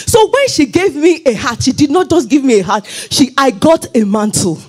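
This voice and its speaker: A woman's voice: high-pitched, big pitch swings, moderate pace, a little mellow. A woman pastor, preaching a fervent sermon in church and slipping into sung phrases.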